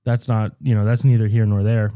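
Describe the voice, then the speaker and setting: A man's voice: lowish voice, flat delivery, fairly quick, mellow. A man co-hosting a podcast, recapping a movie in crude, joking casual chat. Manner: crude, joking, acts out characters in put-on voices. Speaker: podcast co-host.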